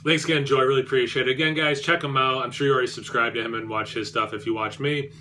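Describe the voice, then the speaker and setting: A man's voice: medium pitch, steady tone, fast talker, pushed and bright, slight background noise. A man reviewing beer on his vlog, rambling and self-deprecating, with many fillers and restarts.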